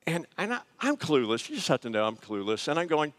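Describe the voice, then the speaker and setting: A middle-aged man preaching a sermon, telling personal stories in a conversational, animated way with frequent fillers. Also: a little high, fairly quick. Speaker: pastor. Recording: long hall reverb.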